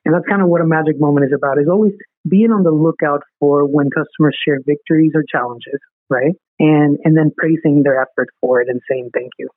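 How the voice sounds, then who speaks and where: Over a tinny, phone-like line with a dry sound, a podcast guest with a slightly high, fairly even voice recounts a story during an interview. He talks fast and earnestly, repeatedly tossing in "right?"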